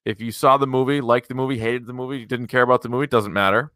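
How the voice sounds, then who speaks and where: A man hosting a podcast, chatting casually in an upbeat way with quick asides. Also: medium pitch, steady tone, fairly bright tone, dry recording, studio quality. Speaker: podcast host.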